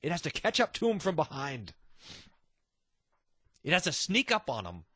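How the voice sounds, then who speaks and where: Earnest and lively, this devotional podcast host keeps restarting his sentences as he talks. His slightly high voice swoops wildly in pitch at a moderate pace, sounding a bit bright with a breathy edge, captured in a dry, clean studio recording.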